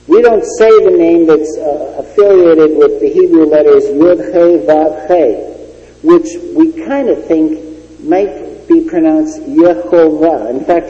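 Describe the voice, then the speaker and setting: A man's voice: a little high, dark tone. A man preaching a sermon with an emphatic, storytelling delivery. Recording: dull lo-fi recording in an echoey hall.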